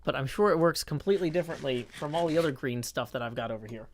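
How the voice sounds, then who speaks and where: A man's voice: mid-range voice, fast talker, a little hiss or hum. A man chatting playfully while streaming a game, his voice muffled by a mask. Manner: rambling, playful, jokey asides. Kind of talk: casual livestream chat while gaming. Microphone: mask worn over the face.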